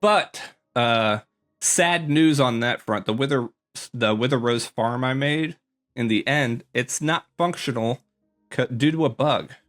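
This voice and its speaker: A man gives a loose, meandering commentary as he tours his game world. His voice sits at an ordinary middle pitch, and he keeps stopping to correct himself and fill gaps with ums. Faint music plays underneath. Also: measured pace, fairly bright tone. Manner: rambling, filler-heavy, self-correcting. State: slightly out of breath. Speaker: gaming YouTuber. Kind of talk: casual game commentary tour.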